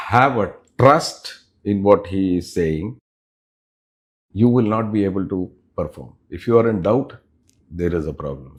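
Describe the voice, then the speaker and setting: A middle-aged man, answering interview questions as a business unit head in a measured, explanatory way with pauses between phrases. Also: on the low side.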